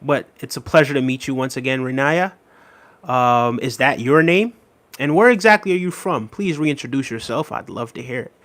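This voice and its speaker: A man's voice: mid-range voice, normal speed, fairly bright tone. A man hosting a livestream, chatting casually, reading viewer comments aloud and repeating phrases with frequent laughs. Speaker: livestream host.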